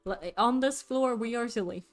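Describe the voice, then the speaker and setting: A woman's voice: on the high side, moderate pace. A woman streamer chatting casually and playfully with her live audience while playing a game, laughing often. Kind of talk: casual live gameplay chat.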